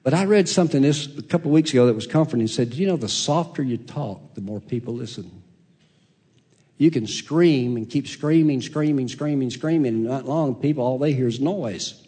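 A man preaching a sermon, soft-spoken, reading scripture in old-fashioned wording and sinking to a whisper for God's voice. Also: mid-range voice, moderate pace, breathy edge. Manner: reads scripture in King James wording.

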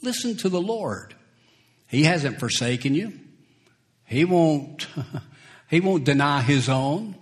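A man preaching a sermon, slow and deliberate, who chuckles between points and acts out scripture quotes. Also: fairly high pitch, expressive.

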